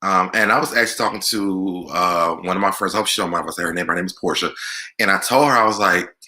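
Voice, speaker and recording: A man with a very deep voice and a strikingly bright, sharp edge to his tone. He hosts a casual Q&A vlog and answers viewer questions in a candid, chatty way. His delivery stays loose and conversational throughout. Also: fast.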